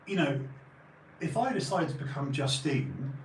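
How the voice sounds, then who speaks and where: A man's voice: fairly high pitch, very animated, moderate pace, distant mic. A man in his forties giving an emphatic, rambling opinion monologue as a channel host. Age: 40s. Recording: roomy echo, voice off-mic, faint background hum.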